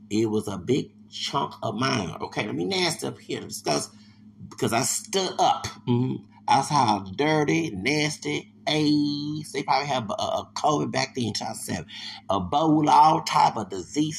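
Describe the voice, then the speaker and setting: A man's voice: mid-range voice, creaky, a little hiss or hum. A man hosting a solo podcast, rambling and digressive, with many restarts and asides. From Texas. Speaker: podcast host.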